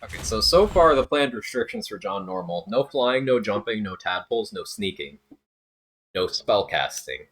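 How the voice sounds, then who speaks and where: In a low-quality recording, a game streamer with a fairly low, slightly bright voice speaks in a sing-song way at a moderate pace. He jokes casually and reads his viewers' comments aloud.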